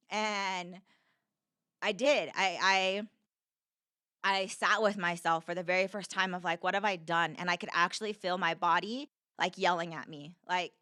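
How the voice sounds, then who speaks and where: A young woman speaks on a podcast, her voice sitting a little low. She tells her story earnestly, circling back on her words with frequent fillers. The sound is dry and close, with no room around it. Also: steady tone, a little slow, sharp tone, clear, resonant tone, dry recording. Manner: earnest, repeats herself, many "like" fillers. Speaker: podcast guest. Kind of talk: conversational storytelling.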